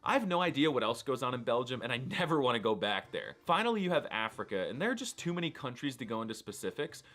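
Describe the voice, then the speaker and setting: A man narrates a scripted comedy review with a deadpan, needling delivery. His mid-range voice rises and falls in lively swings. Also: mid-range voice, fast talker. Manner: deadpan and provocative. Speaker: language review video host.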